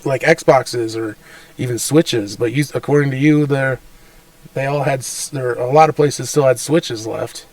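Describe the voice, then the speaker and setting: A man co-hosting a podcast in casual chat, speaking haltingly with many hesitations. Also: medium pitch, darkish tone, far from the mic. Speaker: podcast co-host.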